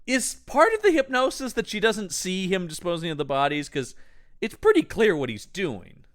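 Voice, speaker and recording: Animated man riffing on a movie. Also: high voice, normal speed. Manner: animated, jokey, slips into mock voices for characters. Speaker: podcast co-host. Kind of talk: casual movie-riff chat.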